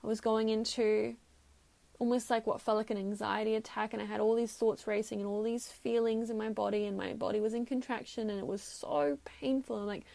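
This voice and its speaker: Podcast lady telling her own story, kinda high, lots of fry, candid and laughs at herself. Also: fairly even intonation, brisk, mellow. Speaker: podcast host. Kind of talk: personal storytelling monologue.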